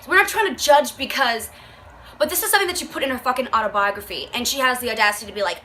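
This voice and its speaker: Young woman, high voice, bright tone, swearing rant, reading aloud. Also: rapid-fire, slight background noise, poor audio. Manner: profane, exasperated. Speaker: vlogger reading and reacting.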